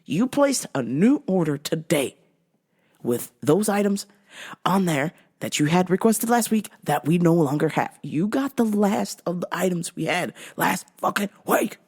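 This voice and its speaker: Profane, animated woman telling a story. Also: lowish voice, a little slow, breathy edge. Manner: profane, exasperated, acts out the call. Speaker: podcast host. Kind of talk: casual storytelling.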